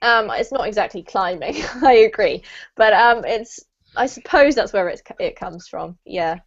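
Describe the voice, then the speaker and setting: A woman teaching an online English lesson, encouraging her students, laughing often and modelling words slowly. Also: mid-range voice, lively intonation. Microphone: video call. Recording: slightly muffled video call audio.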